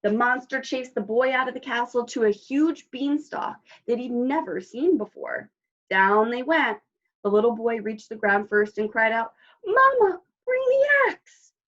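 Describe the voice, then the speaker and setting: A woman librarian reading a picture book aloud at children's story time, expressive, with asides to the children. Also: a little high, moderate pace, lo-fi sound.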